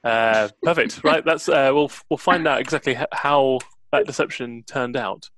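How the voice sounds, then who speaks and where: A man running a tabletop game as game master, in a relaxed, laid-back way. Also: mid-range voice, normal speed.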